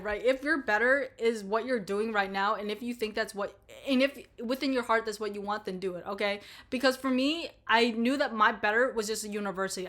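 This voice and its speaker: A young adult woman vlogger with a medium-pitched, slightly bright voice talks casually to the camera. She rambles and swears bluntly, peppering her speech with "like" and "you know."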